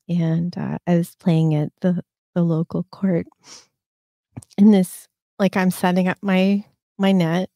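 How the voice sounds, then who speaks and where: A woman's voice: on the low side, mellow, no echo. Frank, rambling woman in her fifties. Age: 50s. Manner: rambling storyteller, frank, swears, laughs at herself. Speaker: host. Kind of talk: casual livestream chat.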